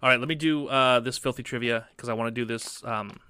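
A man's voice: mid-range voice, fairly even intonation, fairly quick, pushed and bright, clear, resonant tone, no room sound, clean studio sound. A man co-hosting a casual podcast, joking around and laughing often. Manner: jokey, laughs often, slips into goofy voices. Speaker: podcast co-host.

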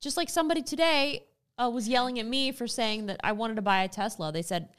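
A woman's voice: fairly high pitch, fairly bright tone, smooth. A woman in her late thirties co-hosting a casual chat, rambling and cutting herself off. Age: 30s. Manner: fast, rambling, self-interrupting.

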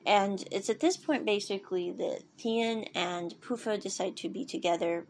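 A woman's voice: mid-range voice, normal speed, hardly any pauses, darkish tone, a little hiss or hum. A woman casually recapping a story, rambling and digressive with many fillers and restarts. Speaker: show recapper.

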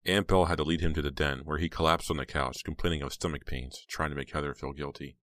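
Very deep-voiced male audiobook narrator. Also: steady tone, fast talker, a bit bright, dry recording. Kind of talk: scripted narration.

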